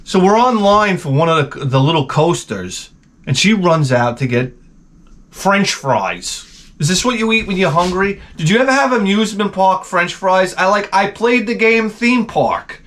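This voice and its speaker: A man's voice: high voice, animated, normal speed, a bit bright. A man in his forties, the channel host, telling a profane, rambling comedic rant.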